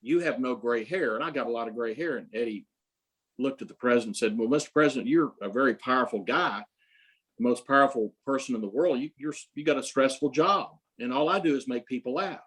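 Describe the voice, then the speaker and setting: A man's voice: mid-range voice, brisk, a bit bright, husky, rough recording. An older man, an interview guest, telling rambling stories full of quoted dialogue, with frequent restarts. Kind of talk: casual storytelling.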